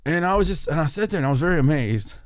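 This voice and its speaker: A man's voice: on the high side, expressive, very fast, no room sound, studio quality. A man co-hosting a podcast, telling a rambling anecdote full of restarts and chuckling at his own story. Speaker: podcast co-host. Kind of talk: casual storytelling chat.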